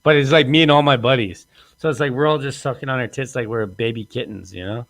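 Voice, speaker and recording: He talks at a quick pace in a mid-range, fairly bright voice. Hosting a podcast, the man rambles through crude anecdotes, with lots of laughter and acted-out quotes.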